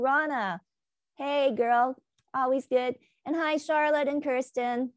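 A woman hosts a casual chat over a video call, talking in a high, lively register. She is chatty and upbeat, with a ready laugh between welcomes. The sound is dry and close, with no room echo. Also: measured pace. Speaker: host.

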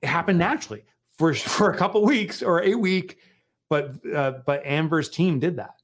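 Animated, laughing man telling stories. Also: fairly high pitch, normal speed. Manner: animated storyteller, laughs often, acts out quotes. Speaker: author and guest. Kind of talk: casual conversation.

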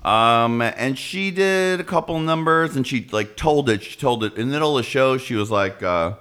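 Animated man with a lively voice. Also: medium pitch, moderate pace, hardly any pauses, clean tone. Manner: animated storyteller, acts out quoted voices. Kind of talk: casual chat.

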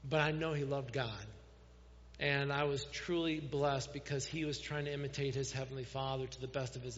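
A man preaching to fathers, his fairly high voice carried through a long, ringing hall reverb. He shifts easily into storytelling mode, and the recording sounds dull and lo-fi. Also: a bit bright. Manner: storytelling, addresses fathers directly. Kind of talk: sermon.

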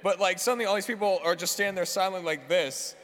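A man co-hosting a podcast, telling a story in animated, laughing casual chat. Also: high-pitched, fast talker, big-room sound. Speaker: podcast co-host.

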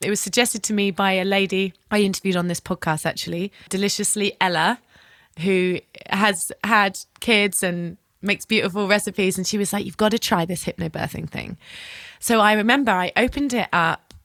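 Woman, podcast host, animated storyteller who acts out dialogue and swears casually; dry, close sound. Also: medium pitch, moderate pace, no room sound. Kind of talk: lively personal storytelling in conversation.

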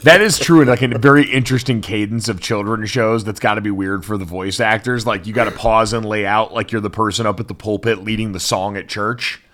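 A man's voice: fairly low pitch, a little fast, few pauses. A man hosting a sports podcast in casual, chatty talk full of asides. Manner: chatty, many "like" fillers, lively asides. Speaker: podcast host.

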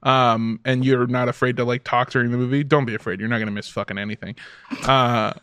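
A man's voice: medium pitch, brisk, clear, resonant tone, no echo. A man co-hosting a casual podcast chat, telling stories animatedly and swearing freely. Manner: profane, animated storyteller. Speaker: podcast co-host.

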